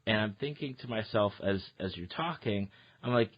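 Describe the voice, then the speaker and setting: A man hosting a podcast, chatting casually about a film in an easygoing way with "uh" pauses. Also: on the low side, breathy edge, lo-fi sound. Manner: conversational, agreeable, with "uh" pauses. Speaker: podcast host. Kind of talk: casual movie review chat.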